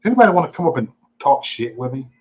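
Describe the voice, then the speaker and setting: Man, live-stream host, casual chat, profane, taunting, boastful, lively swooping pitch. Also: fast, dull audio. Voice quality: profane, taunting and boastful, mock-angry ranting. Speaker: livestream host.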